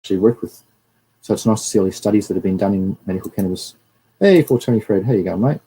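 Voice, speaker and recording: Husky, dark-voiced Australian man. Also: on the low side, expressive, fast, poor audio. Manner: chatty, rambling, greets viewers between slides. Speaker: livestream host. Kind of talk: casual livestream lecture.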